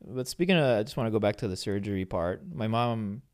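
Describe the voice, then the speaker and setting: A young man co-hosting a podcast who talks candidly in casual chat, often halting and restarting his sentences. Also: lowish voice, expressive, clean tone. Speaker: podcast co-host.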